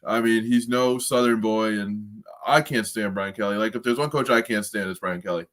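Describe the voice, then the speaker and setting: Male podcast co-host, bright forceful tone, blunt opinionated sports talk. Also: fairly low pitch, steady tone, normal speed. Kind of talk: casual sports chat.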